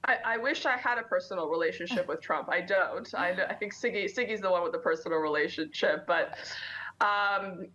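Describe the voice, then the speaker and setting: Low-voiced woman, dull lo-fi sound. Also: fairly quick, fairly bright tone. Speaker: interview guest. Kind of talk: measured interview answer.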